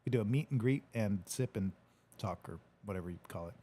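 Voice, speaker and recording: A man's voice: on the low side, brisk, dark tone, a little hiss or hum. A man hosting a casual livestream, reading viewer comments in a laid-back, joking way and swearing now and then. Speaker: podcast host reading live comments. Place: home studio.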